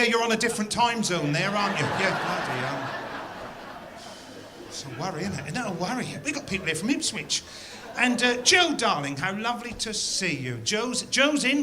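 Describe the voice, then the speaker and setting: A man's voice: sits high, animated, brisk, a crowd in the background. A man, hosting a live show on stage and chatting with the audience in a teasing, mock-scolding way. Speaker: singer and bandleader host. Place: theatre on a pier, live show. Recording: live stage with loud big band.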